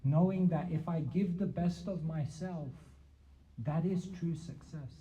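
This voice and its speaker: A man, a spiritual teacher, answering questions in a measured talk with repeated emphatic phrasing. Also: a little high, mellow. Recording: dull lo-fi sound.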